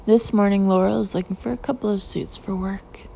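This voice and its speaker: Gravelly woman narrating an audiobook. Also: mid-range voice, fairly quick, highs cut off, a little hiss or hum. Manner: expressive, dropping into soft breathy asides. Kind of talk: first-person audiobook narration.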